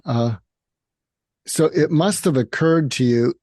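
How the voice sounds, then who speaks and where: Gravelly male host in a dry room. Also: medium pitch, lively intonation, a little slow, darkish tone, no echo. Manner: conversational, self-deprecating, with hesitant restarts. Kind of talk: casual interview chat.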